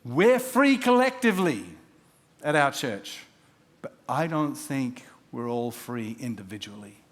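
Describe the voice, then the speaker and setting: Pastor preaching a sermon. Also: male voice, medium pitch. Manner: storytelling with acted-out quotes, swinging from loud to hushed.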